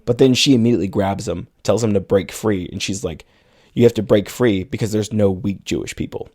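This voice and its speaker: In casual podcast chat, a male co-host walks through a film's plot and drops in quotes from its characters. He speaks briskly in a lowish voice with a darkish tone.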